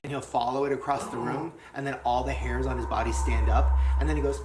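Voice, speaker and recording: A man's voice: medium pitch, steady tone, fast, heavy background noise. A man in a played vlog clip, chatting casually and telling stories animatedly, laughing often. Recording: echoey room with loud music under.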